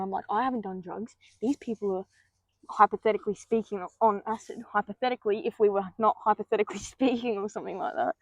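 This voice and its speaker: A woman's voice: medium pitch, dry recording, lo-fi sound. A young woman hosting a podcast, telling a personal story in casual monologue, swearing freely and acting out her own panicked thoughts. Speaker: podcast host.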